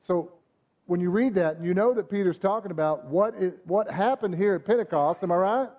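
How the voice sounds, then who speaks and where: A man's voice: high-pitched, brisk, lo-fi sound. A man preaching a sermon, talking conversationally and often asking the congregation "amen?". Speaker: pastor.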